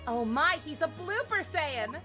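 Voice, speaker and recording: A woman's voice: high-pitched, a little slow, faint music behind. A woman playing through a story game, reading lines aloud and ranting with lots of swearing. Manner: animated, swears, reads dialogue aloud. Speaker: streamer. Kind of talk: game playthrough commentary.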